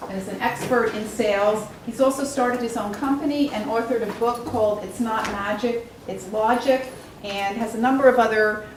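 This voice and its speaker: A woman introducing a guest speaker to an audience, in a halting way with fillers. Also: a little high, slight background noise. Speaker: event organizer introducing a speaker. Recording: echoey hall, picked up from far off.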